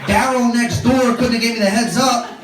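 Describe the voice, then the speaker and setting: A man's voice: very high-pitched, steady tone, moderate pace, crowd noise. A man performing stand-up comedy on a club stage, telling a story animatedly and acting out the quoted voices. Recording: distant mic, roomy echo, audience noise. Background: audience laughter.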